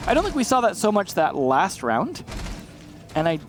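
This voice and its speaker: A man with a slightly high voice talks through a tactical shooter match as color commentator, chatty and analytical, chuckling now and then. A faint hiss of noise sits under his voice. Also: huge pitch swings, moderate pace. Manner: chatty, analytical, laughs easily. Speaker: esports caster.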